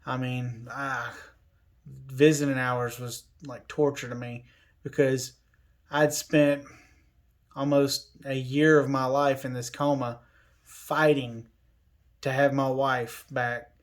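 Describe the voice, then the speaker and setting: A man telling a personal story in a casual, unhurried way, with plenty of fillers and restarts. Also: medium pitch, little pitch movement. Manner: unhurried, lots of fillers and restarts, quoting others. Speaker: covid survivor telling his story.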